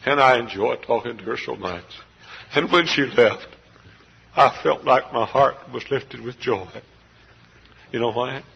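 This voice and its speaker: A middle-aged man preaching a sermon as a pastor, swinging from hushed confiding to shouted outbursts. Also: medium pitch, unhurried, creaky, pauses often, husky, muffled recording. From Texas. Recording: live church service recording.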